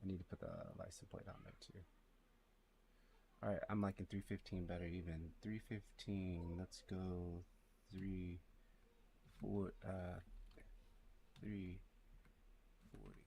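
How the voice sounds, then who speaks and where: A man streaming live as a 3D artist, speaking low and quietly, thinking aloud and muttering numbers to himself as he works. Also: flat delivery, slow pace, creaky, long pauses, slight background noise. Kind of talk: thinking aloud while working.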